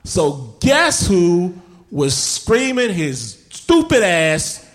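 A man, a guest on a live podcast, telling a story on stage, laughing often and shouting the lines he quotes. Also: high-pitched, huge pitch swings, drawn-out words. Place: live stage before an audience. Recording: live show with audience noise.

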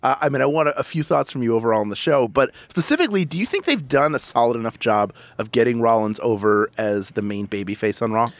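A man hosting a casual wrestling podcast, playful and animated, with theatrical introductions. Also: mid-range voice, fast talker, few pauses, no room sound. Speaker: podcast host.

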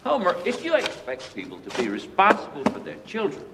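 A measured older doctor, attempting an American accent and reasoning with a colleague. His voice swings widely in pitch. The film clip is noisy and reverberant. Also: huge pitch swings, full character voice.

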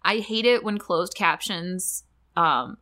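A woman's voice: on the low side, takes it slowly, pushed and bright. A woman co-hosting a podcast, chatting casually and laughing along while talking about a movie. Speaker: podcast co-host. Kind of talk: casual chat recapping a movie.

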